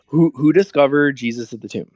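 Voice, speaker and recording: A man's voice: a little high, a little fast, a little mellow, no echo. A man arguing in a live online debate, combative and interrupting, stacking repeated words as he pushes his point.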